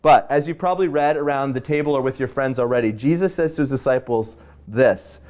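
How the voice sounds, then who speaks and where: Casting: male church host, casual storyteller, relaxed and friendly banter. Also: medium pitch, brisk. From Canada. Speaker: host, pastor. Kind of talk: casual faith discussion.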